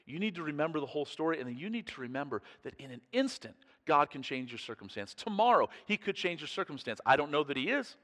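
A man's voice: fairly high pitch, big pitch swings, fast, hardly any pauses, fairly bright tone. Man preaching in an echoing hall. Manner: chatty, self-interrupting, chuckles often. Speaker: pastor. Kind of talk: conversational sermon storytelling. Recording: long hall reverb.

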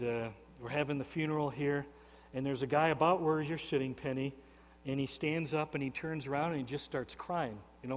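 A man's voice: on the high side, big-room sound. A man preaching a sermon as pastor, earnest and personal, often repeating words and restarting phrases. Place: church sanctuary.

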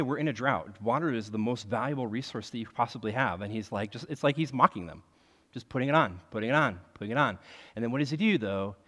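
A man preaching a sermon in an animated, conversational way, leaning on the word "like" as he talks. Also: medium pitch, big-room sound. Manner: animated, conversational, heavy use of filler "like". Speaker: pastor.

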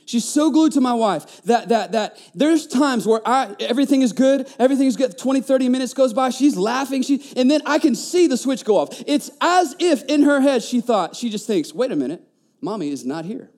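A man, preaching a conversational sermon, telling stories with lively stammering restarts. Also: extremely high pitch, normal speed, few pauses. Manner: animated storytelling, stammering restarts. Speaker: pastor.

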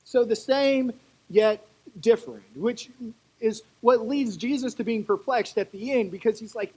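Brief: preacher, husky tone, chatty sermon delivery with asides. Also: mid-range voice, normal speed, low-quality recording. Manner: conversational, animated storytelling with asides.

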